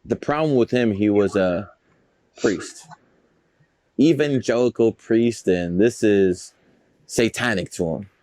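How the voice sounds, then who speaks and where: A man's voice: on the low side, slow pace, pauses often, darkish tone, no room sound. A man telling stories as a guest in a casual interview, boastful, profane and rambling. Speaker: guest, numerologist.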